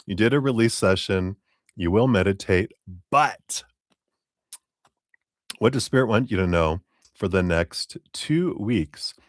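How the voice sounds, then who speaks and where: A man's voice: on the low side, lively intonation, slow pace, long pauses, no echo, studio quality. A middle-aged man giving a live-stream tarot reading, rambling and asking "right?" along the way. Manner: rambling, with tag questions and chuckles. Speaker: tarot reader.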